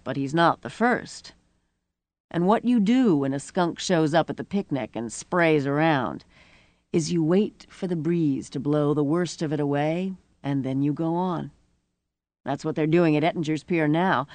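A woman voicing a big, tough older woman who is blunt, profane and reassuring, with a low rumbling voice. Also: a little mellow, no room sound.

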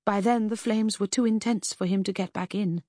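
A woman's voice: mid-range voice, steady tone, moderate pace, dark tone, dry recording, clean studio sound, pitched above the performer's own voice, close to an everyday voice. A woman voicing a distressed young woman in an audiobook, speaking in an earnest, raised, tremulous way.

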